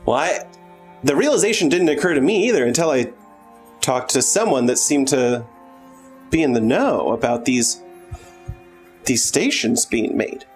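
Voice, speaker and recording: A man's voice: medium pitch, expressive, a little slow, long pauses, faint music behind. A man playing a tabletop role-playing game, asking probing questions in character. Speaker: player.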